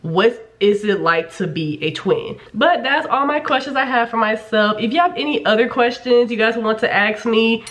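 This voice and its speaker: A young woman talking straight to her camera in a loose, chatty vlog. Her voice sits a little high, and she swears freely and fills her talk with "like.". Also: moderate pace, hardly any pauses, fairly bright tone. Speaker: vlogger. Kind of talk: casual storytelling to camera.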